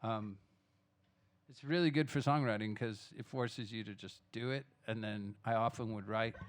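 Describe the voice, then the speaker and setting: A man from Texas, a singer-songwriter in a live music club, rambling loosely between songs, restarting himself and swearing casually. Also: medium pitch. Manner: loose, chatty, self-interrupting, swears casually.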